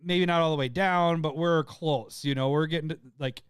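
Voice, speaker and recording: A man co-hosting a podcast, telling a story in casual chat, laughing often and putting on loud voices of his friends. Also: on the high side, normal speed, clear, resonant tone, dry recording, studio quality. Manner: laughing, animated storyteller who shouts impressions of friends. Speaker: podcast co-host.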